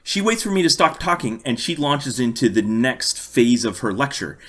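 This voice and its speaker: A man's voice: medium pitch, very animated, moderate pace, fairly bright tone. A man co-hosting a podcast, casually telling long stories with dry amusement. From United States. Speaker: podcast co-host. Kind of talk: casual chat, storytelling.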